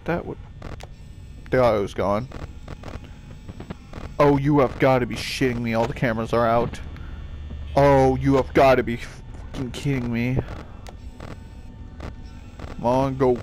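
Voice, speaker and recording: Young guy freaking out over a horror game, cussing a lot, slow drawn-out talk. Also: medium pitch, a little mellow, a little hiss or hum. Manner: panicky, swearing, talks to the game characters. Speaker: gaming youtuber. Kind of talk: let's play commentary.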